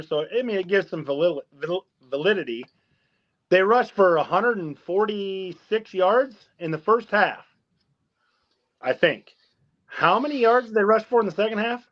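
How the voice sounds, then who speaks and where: A man's voice: sits high, animated, moderate pace. A man co-hosting a sports talk show, blunt and fired up, citing stats. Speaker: podcast co-host. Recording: dull lo-fi audio.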